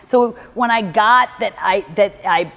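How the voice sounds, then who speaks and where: A woman's voice: medium pitch, measured pace, gravelly, big-room sound, highs cut off. A woman giving candid one-on-one advice in a blunt, emphatic way, swearing freely. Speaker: personal growth speaker coaching a listener.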